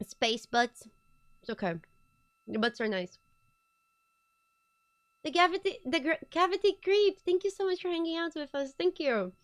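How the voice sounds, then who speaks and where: Brief: high-pitched woman streamer, giggly and rambling, casual desk-mic chat. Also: measured pace, pauses often, dry recording. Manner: excitable, giggly, rambling asides. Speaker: streamer hosting a watch party.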